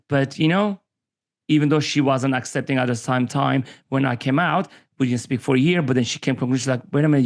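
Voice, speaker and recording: A man from Armenia in his forties, a podcast guest talking candidly and acting out the voices of people he quotes. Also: mid-range voice. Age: 40s. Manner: animated storyteller who acts out quoted voices. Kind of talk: candid conversational interview.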